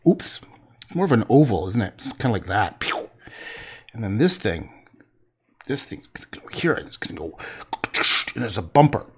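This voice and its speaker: A man's voice: fairly low pitch, big pitch swings, normal speed, long pauses, a little mellow, breathy edge. A man casually talking through his painting on a livestream, mocking his own work, swearing and muttering half to himself. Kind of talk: casual running commentary while painting.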